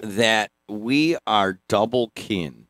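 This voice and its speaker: A middle-aged man hosting a radio sports talk show, teasing and joking in quick bursts with frequent restarts. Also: lowish voice, fairly bright tone, no room sound, studio quality. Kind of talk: casual radio banter. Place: radio studio. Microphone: studio microphone.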